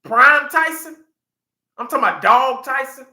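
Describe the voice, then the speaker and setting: A man in his forties chatting casually on a livestream, an animated storyteller who laughs often and talks to his chat. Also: very high voice, normal speed, echoey room, low-quality recording. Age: 40s. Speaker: livestream host.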